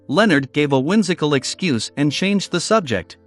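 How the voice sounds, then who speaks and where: A man reading a fantasy light novel aloud as scripted narration, with an expressive delivery. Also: fairly high pitch, normal speed, few pauses, faint music behind. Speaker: audiobook narrator.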